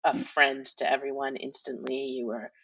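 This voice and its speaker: A woman's voice: very deep voice, level tone, moderate pace, a bit bright, slight background noise. A woman who is a writer and showrunner, chatting animatedly on a podcast and laughing often. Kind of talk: casual podcast chat. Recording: dull lo-fi sound.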